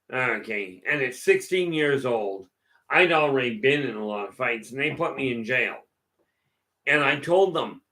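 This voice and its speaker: A man's voice: mid-range voice, sharp tone. A man hosting a casual question-and-answer session, telling stories in a rambling way with many restarts. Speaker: host answering viewer questions. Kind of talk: casual live Q&A talk.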